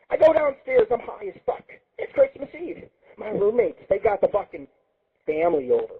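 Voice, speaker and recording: A man's voice: sits high, very animated, fairly quick, breathy edge. Manic, foul-mouthed radio host man. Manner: loud, profane and manic, jumping between topics. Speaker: internet radio show host. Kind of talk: crude rambling monologue. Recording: muffled phone-like line.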